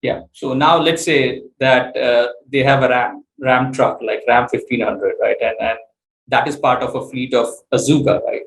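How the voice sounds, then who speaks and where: Gravelly-voiced man explaining haltingly. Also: medium pitch, fairly even intonation, rough recording. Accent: Indian English. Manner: repetitive, halting with many fillers and restarts. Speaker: startup CEO guest. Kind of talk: explaining business on a podcast.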